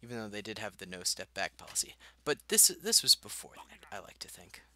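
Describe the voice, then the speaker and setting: A gaming channel host, a young man, chats casually while playing a war strategy game, reacting out loud and laughing at himself. His voice sits fairly low and comes across very animated, slightly fast, pushed and bright. Faint game sounds play in the background.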